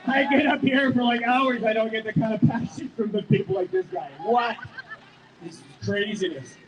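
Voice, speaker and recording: A man emceeing an outdoor rally, chatty and excited as he introduces the next speaker, heard through an echoey loudspeaker. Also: very high-pitched, moderate pace, far from the mic, highs cut off, background noise. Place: outdoor city square rally.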